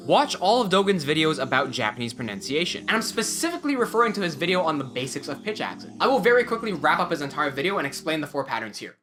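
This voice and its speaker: A language teacher narrates a scripted tutorial in a bright, forward voice. The pitch rises and falls freely as each point is laid out in a clear, methodical way. Faint music plays underneath.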